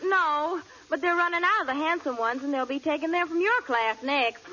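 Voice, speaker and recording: A woman's voice: sits high, moderate pace, sharp tone. A woman doing a coy, flirty bit in a 1940s radio comedy. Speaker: singer, guest. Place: radio studio before an audience. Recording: lo-fi old radio broadcast, noisy.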